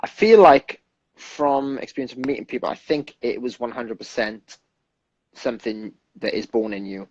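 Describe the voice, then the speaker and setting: A man's voice: mid-range voice, normal speed, darkish tone, dry recording, highs cut off. A young British man, a singer, chatting earnestly in an interview and rambling with frequent restarts. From United Kingdom. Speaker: singer guest. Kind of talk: casual interview chat.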